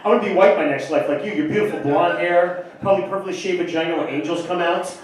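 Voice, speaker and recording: Man, stand-up comic, brash crowd work, fairly high voice, echoey club sound. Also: steady tone, fast, distant mic, slight background noise. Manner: brash, teasing, crude banter with the audience. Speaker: stand-up comedian. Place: comedy club stage.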